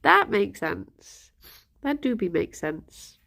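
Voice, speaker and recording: A woman's voice: medium pitch, big pitch swings, takes it slowly, vocal fry, a bit bright. A young woman chatting casually with her stream viewers, rambling and giggly, sounding a little bunged up. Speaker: livestream host.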